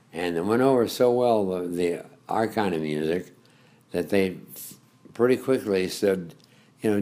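Older man, very deep voice, radio host, rambling storyteller. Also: a little mellow. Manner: rambling storyteller with frequent uh's and chuckles. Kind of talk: reminiscing interview.

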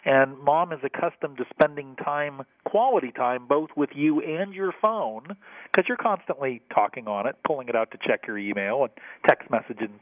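A man's voice: mid-range voice, moderate pace, no room sound. A man on a radio show giving earnest tech gift advice, leaning on key words as he explains. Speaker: tech guest expert on radio. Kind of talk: radio segment chat. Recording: tinny phone line.

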